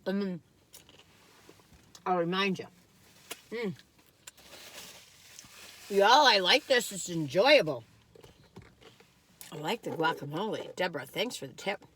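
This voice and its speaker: A woman's voice: fairly low pitch, expressive, slow pace, pauses often, a bit bright, slight background noise. A chatty woman vlogging a food taste test, rambling as she eats and laughing often. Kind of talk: casual chat.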